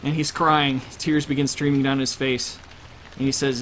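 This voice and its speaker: A man's voice: mid-range voice, flat delivery, normal speed, fairly bright tone, a little hiss or hum. A man narrating a tabletop role-playing game as game master.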